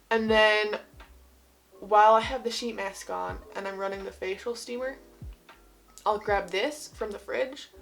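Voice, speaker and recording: A young woman from Utah with a slight Utah accent, chatting through an at-home skincare routine in a bubbly, rambling way. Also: mid-range voice. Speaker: beauty vlogger. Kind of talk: casual skincare tutorial. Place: home, indoors.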